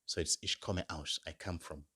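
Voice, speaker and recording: A man teaching beginner German phrases in English, slowly modelling each phrase and repeating words for learners. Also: deep voice, fairly even intonation, bright, forceful tone, slightly rough. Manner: slow, drawn-out modelling of example phrases. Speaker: German language tutor.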